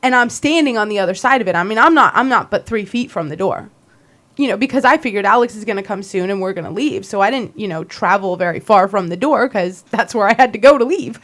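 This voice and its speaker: A woman's voice: medium pitch, lively intonation, quick pace, a bit bright. A woman co-hosting a talk show, telling a heated story and acting out both sides of an argument. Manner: retells an argument, voicing both sides with raised intensity. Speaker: co-host.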